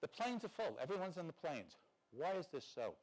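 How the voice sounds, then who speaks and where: A man's voice: on the high side, very animated, a little fast, poor audio. An older man from New York giving a conference talk, wry and anecdotal, acting out the people in his stories. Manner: wry, storytelling, acts out dialogue. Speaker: conference speaker.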